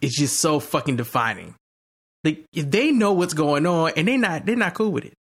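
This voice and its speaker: Animated young man telling stories. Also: fairly high pitch, normal speed, husky. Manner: animated storytelling with laughs and profanity. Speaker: podcast host. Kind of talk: casual chat.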